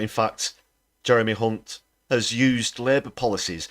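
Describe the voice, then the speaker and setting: A man's voice: fairly low pitch, moderate pace. A man hosting a political livestream, ranting indignantly against politicians. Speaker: livestream host. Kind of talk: political commentary.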